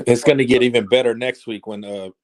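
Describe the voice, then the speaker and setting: A man in a relaxed barbershop conversation, speaking at an everyday mid pitch. He lays out his points in a plain, matter-of-fact way. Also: a little fast. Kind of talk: casual barbershop chat.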